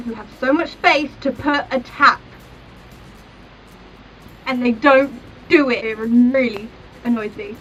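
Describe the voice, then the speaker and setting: A young woman vlogging a chatty comedic rant, animated and exaggerated, in a dull, distant recording with faint music behind. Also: sits high. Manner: animated, exaggerated, acts out little scenes.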